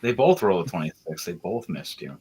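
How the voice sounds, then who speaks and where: A man's voice: low voice, very animated, fairly quick, dark tone, husky. A man narrating as game master in a casual, chatty way, laughing often.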